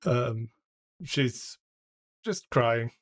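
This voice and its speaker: A man runs a tabletop game at an unhurried, drawn-out pace, with a mid-range voice. He narrates with frequent ums and pauses, feeling his way through each scene. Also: medium pitch, animated. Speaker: game master.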